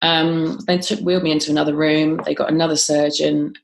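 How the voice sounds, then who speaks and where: Woman guest, low pitch, gravelly fry, hesitant storytelling with ums. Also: little pitch movement, a little fast, a little hiss or hum. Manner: frequent ums and restarts, quoting others as she tells it. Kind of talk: conversational interview storytelling.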